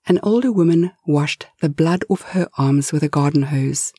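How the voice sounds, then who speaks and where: A woman narrating a story in a slow, gentle, expressive way, with soft whispered asides. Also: low voice, slightly rough, no echo, clean studio sound.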